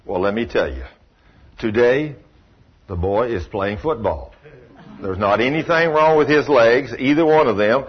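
A man's voice: medium pitch, animated, measured pace, breathy edge. A man preaching a sermon in a folksy, storytelling way with emphatic asides. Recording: dull lo-fi recording.

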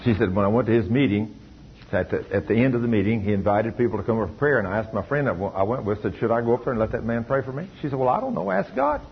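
A man's voice: fairly low pitch, racing, muffled recording, slight background noise. A man preaching a sermon, telling a story through quoted dialogue and rising to emphatic peaks.

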